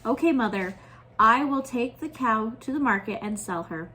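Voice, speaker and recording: A woman's voice: on the high side, lively intonation, moderate pace, pushed and bright. A woman voicing an eager young boy hero in a storybook reading.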